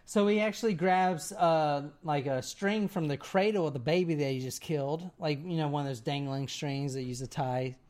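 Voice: mid-range voice, moderate pace, few pauses, darkish tone. A person telling a story to friends in a casual, rambling way, with many "like"s and "right?"s.

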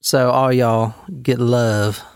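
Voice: mid-range voice, slow, smooth, no room sound. Chill host, mid voice, dry close mic. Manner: loose, laughing, relaxed. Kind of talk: casual chat.

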